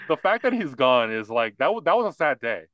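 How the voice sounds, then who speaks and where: Male co-host, casual political banter, jokey and sarcastic, very lively pitch. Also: fairly quick, dry recording, highs cut off. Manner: animated, mocking, joking. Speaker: podcast co-host.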